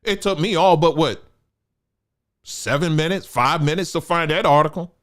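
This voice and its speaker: A man's voice: fairly high pitch, normal speed, a bit bright. A man hosting a commentary show, delivering an emphatic, preachy monologue. He calls his listeners family and repeats phrases for emphasis. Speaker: show host.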